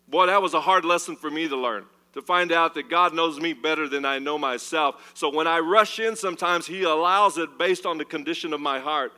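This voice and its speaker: A man preaching a sermon as pastor, animated and swinging between loud, urgent passages and hushed ones. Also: a little high, a little fast, few pauses. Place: church.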